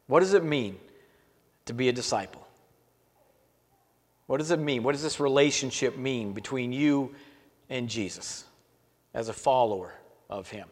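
A male pastor preaching a sermon in a church, in an earnest way, often letting his phrases trail off softly at the ends. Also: mid-range voice. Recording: long hall reverb.

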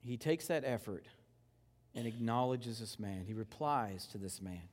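A man preaching a sermon in a conversational way, moving between loud rhetorical questions and hushed, slow reverent passages. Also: medium pitch, animated, long reverb tail. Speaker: pastor.

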